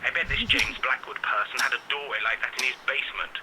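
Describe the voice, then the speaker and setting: An actor playing a skeptical, sarcastic friend in a game who mocks the caller. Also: male voice, mid-range voice, fast, close to an everyday voice. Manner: mocking, dry sarcasm. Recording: heavy hiss, phone-line sound.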